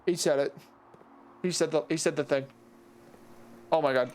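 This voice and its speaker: A streamer in the middle of a live gameplay session, chatting casually and joking with the viewers. The voice sits at an ordinary middle pitch, and the talk stays playful and teasing throughout. Faint game music plays underneath. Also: fairly even intonation, normal speed, darkish tone. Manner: joking, teasing, talks to chat.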